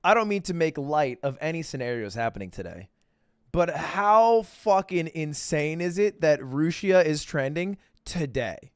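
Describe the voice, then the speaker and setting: A man's voice: fairly high pitch, expressive, a little slow, clean tone, no room sound, clean studio sound. A young man streaming live, chatting casually and joking, laughing often.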